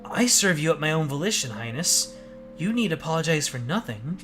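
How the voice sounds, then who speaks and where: A man's voice: fairly high pitch, very animated, fairly quick, fairly bright tone. A man voicing a reserved woman knight who speaks in a stiff, formal, subdued way. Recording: faint game music behind.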